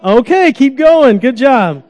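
A man preaching a sermon to a congregation in a church, animated, acting out groans and cries, coaxing children up for an illustration. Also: extremely high pitch, slow pace, big-room sound. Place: church sanctuary.

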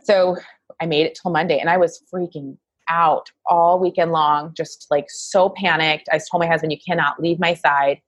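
A woman's voice: deep voice, fairly even intonation, moderate pace, no echo. A woman guest telling a personal story in a chatty way with many fillers, emotional at times.

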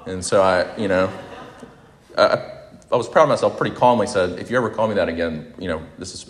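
A man in his forties preaching a sermon in a reflective, confessional way, talking conversationally and often correcting himself mid-sentence. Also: sits low. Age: 40s. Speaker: pastor. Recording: long hall reverb.

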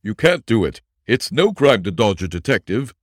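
A man's voice: on the low side, big pitch swings, moderate pace, dry recording, clean studio sound, voice pushed up. A man voicing a nervous male suspect who protests his innocence in a raised, exclamatory way. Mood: defensive.

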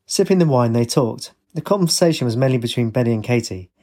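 A man reading a story aloud in a steady, even storytelling manner. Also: mid-range voice, fast. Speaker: narrator. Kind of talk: storybook narration.

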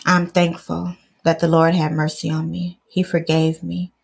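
Woman from Detroit, memoir reading, earnest, personal asides, husky, gravelly. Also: low-pitched, monotone, measured pace. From Detroit, USA. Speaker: author reading her memoir.

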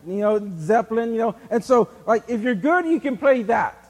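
A man preaching a sermon in a casual, animated way, using everyday examples. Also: very high voice, moderate pace, long reverb tail. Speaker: pastor.

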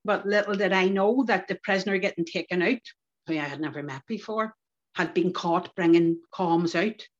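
An older woman with a Northern Irish accent, telling lively stories from her past in a relaxed interview. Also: lowish voice, moderate pace. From Northern Ireland. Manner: lively anecdotal, local turns of phrase. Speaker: community activist interviewee. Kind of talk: reflective storytelling. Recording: dull lo-fi podcast recording.

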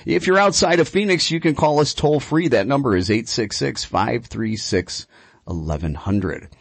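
A man hosting a radio call-in show about dog training, telling stories in an animated, chatty way. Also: mid-range voice, moderate pace, breathy edge, dry recording.

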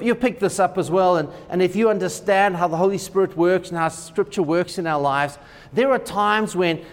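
Male pastor, fairly high voice, chatty sermon delivery, long church reverb. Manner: conversational, joking with the congregation. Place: church sanctuary.

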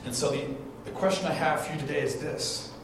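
Male pastor, sermon, conversational, repeats phrases, fairly high voice, heavy reverb. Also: fairly even intonation, brisk. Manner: conversational storytelling with frequent restarts and repeated phrases. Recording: echoey hall recording from a distance with faint noise.

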